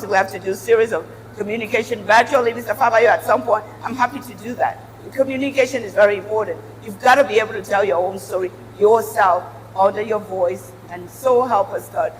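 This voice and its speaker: A woman's voice: on the high side, a little hiss or hum. A middle-aged woman giving an earnest, encouraging motivational talk as a guest speaker. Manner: earnest, encouraging, warm advice. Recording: reverberant hall.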